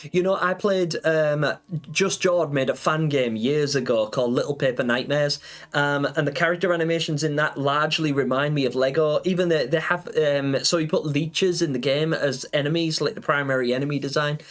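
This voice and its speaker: A man chatting casually on a gaming livestream, rambling with lots of fillers and answering viewers. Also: on the high side. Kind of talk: casual live-stream chat.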